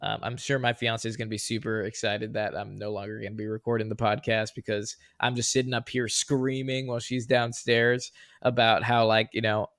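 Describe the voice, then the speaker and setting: A young man co-hosting a podcast in casual chat, animated and prone to loud mock voices. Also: fairly low pitch, a little fast, no echo, clean studio sound. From California. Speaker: podcast co-host.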